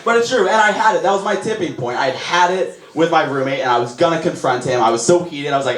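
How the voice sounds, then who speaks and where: Young male stand-up, slightly high voice, self-mocking and excitable; live echoey club recording. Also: fast talker, hardly any pauses. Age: young adult. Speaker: stand-up comedian. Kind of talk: stand-up routine. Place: comedy club stage. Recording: echoey live room, audience noise. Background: audience laughter.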